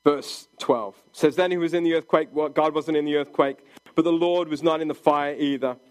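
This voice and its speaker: A man preaching a sermon as a pastor, earnest, sometimes dropping to a hush for quoted words. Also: on the high side, steady tone, normal speed.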